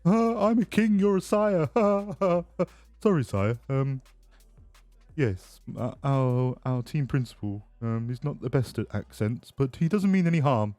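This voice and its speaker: A man's voice: mid-range voice, big pitch swings, measured pace, a little mellow, no echo, faint music behind. A man voicing a sheepish young male racing driver who apologizes hesitantly with lots of ums.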